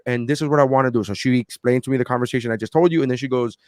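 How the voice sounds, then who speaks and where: Animated man telling a story, dry sound. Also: mid-range voice, very fast, no echo. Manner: animated storyteller, acts out voices of others. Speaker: podcast co-host. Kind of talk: casual chat.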